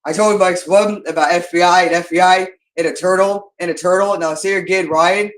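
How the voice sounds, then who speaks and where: Man, somewhat high-pitched voice, agitated rambling monologue, accusatory, repeats phrases over and over. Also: fairly even intonation, a little fast.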